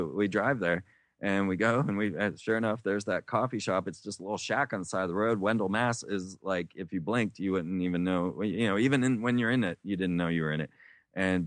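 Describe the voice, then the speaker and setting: Low-voiced man telling rambling stories. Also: no echo. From United States. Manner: meandering, many restarts and fillers, acts out quoted voices. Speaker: interview guest. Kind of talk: rambling storytelling.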